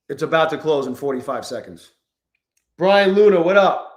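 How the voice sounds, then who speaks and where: A man streaming live, talking casually and excitably to his chat, swearing often and greeting viewers by name. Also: fairly high pitch, measured pace, creaky, reverberant.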